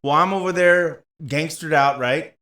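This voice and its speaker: A man's voice: fairly high pitch, unhurried, pushed and bright. A man, telling a story in casual chat, acting out the voices and swearing freely. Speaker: co-host.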